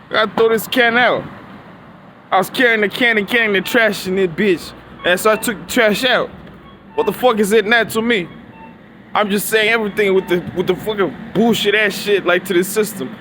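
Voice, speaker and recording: Guy with a highish voice preaching and cussing outside, traffic humming faintly behind. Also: moderate pace, bright, forceful tone. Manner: profane, preachy, rambling with slang. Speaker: vlogger. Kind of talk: rambling freestyle monologue.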